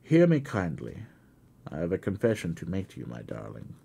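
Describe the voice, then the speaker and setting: A man reading a classic novel aloud, voicing a gentle old father who pleads as he confesses. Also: deep voice, huge pitch swings, normal speed, vocal fry, husky, heavily acted. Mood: remorseful. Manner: pleading, tender.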